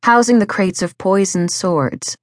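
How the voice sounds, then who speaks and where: A woman narrating a novel for an audiobook in a dramatic, measured reading. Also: mid-range voice, no room sound, clean studio sound.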